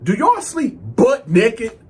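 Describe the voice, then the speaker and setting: A man hosting his own channel, telling a story in an animated, slangy way. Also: very high voice, takes it slowly, slightly rough. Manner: animated, slangy, acts out sounds. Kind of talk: casual storytelling.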